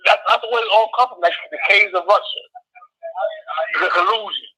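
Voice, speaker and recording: A man's voice: high voice, normal speed, bright, forceful tone, soft background music, low-quality recording. A male caller on a radio show, talking eagerly and stumbling over repeated words. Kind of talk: call-in chat.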